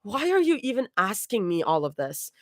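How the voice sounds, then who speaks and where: A woman's voice: mid-range voice, sing-song, normal speed, no echo, studio quality, close to an everyday voice. A woman reading a fan story aloud, voicing a nervous, flustered young woman.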